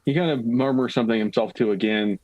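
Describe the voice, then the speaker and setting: A man narrating a tabletop game as game master, giving lively scene descriptions. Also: mid-range voice, fast talker, dull audio.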